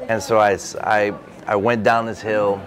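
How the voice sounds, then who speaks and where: Author guy chatting at a bookstore, low voice, animated, lots of likes. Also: moderate pace, crowd noise. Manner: animated storyteller, many "like" fillers. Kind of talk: casual anecdote in an interview. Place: bookstore event.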